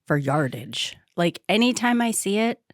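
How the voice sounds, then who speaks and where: A mother co-hosting a podcast, telling stories in a playful, animated way. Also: medium pitch, unhurried, dry recording, clean studio sound. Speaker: podcast co-host. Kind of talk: casual chat.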